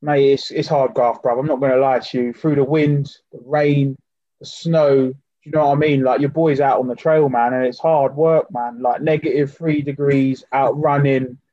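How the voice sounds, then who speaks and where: A man's voice: medium pitch, fairly even intonation, moderate pace, dark tone. A man chats in a loose, rambling way, leaning on fillers and asides as a podcast co-host. His voice comes through a remote line that sounds dull and lo-fi. It is dry, with no room echo. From United Kingdom. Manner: chatty, full of fillers and "do you know what I mean". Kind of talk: casual chat.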